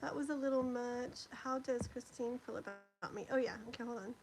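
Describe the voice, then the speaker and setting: Bubbly high-voiced woman streaming live. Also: a little fast, darkish tone, soft background music, rough recording. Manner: giggly, bubbly, chatty, lots of "like". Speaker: tarot reader hosting a livestream. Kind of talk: casual livestream chat, reading comments aloud.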